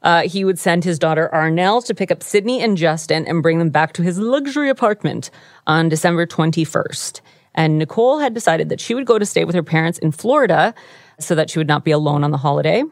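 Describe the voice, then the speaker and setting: A woman's voice: deep voice, lively intonation, brisk, no echo. A woman hosting a true crime podcast, telling the story in a wry, easygoing way from a radio studio. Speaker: podcast host.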